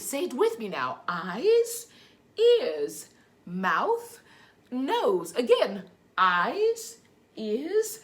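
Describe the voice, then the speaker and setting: A woman's voice: on the high side, huge pitch swings, takes it slowly. A woman reading a picture book and singing for young children at home, in an exaggerated sing-song manner with fussy asides. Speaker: children's storyteller. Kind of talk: children's storytime with songs.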